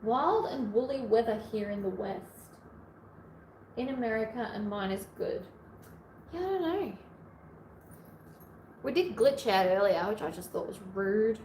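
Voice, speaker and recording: Woman, livestream host, casual sewing chat, playful, slightly hoarse, echoey room. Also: mid-range voice, lively intonation, unhurried, long pauses, darkish tone. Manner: chatty and playful, narrating each step aloud. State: slightly hoarse from hours of talking. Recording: echoey room, faint background noise.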